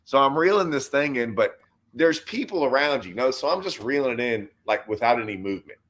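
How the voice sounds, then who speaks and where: Man in a relaxed conversational chat, talks like a pro angler, spins a long story, acts out the quotes in his tale. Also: mid-range voice, a little fast. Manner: animated storyteller who acts out his own and others' quoted lines. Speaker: host and professional bass angler.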